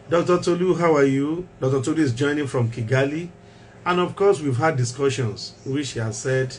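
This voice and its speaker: A man's voice: medium pitch, a little hiss or hum. A man hosting a mental health talk show as a doctor, speaking emphatically, repeating key phrases and asking rhetorical questions.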